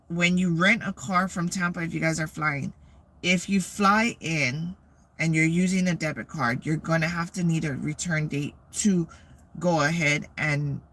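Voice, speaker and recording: A woman's voice: sits low, unhurried. A woman vlogger casually telling a rambling, profane story straight to camera. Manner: profane, rambling, animated retelling.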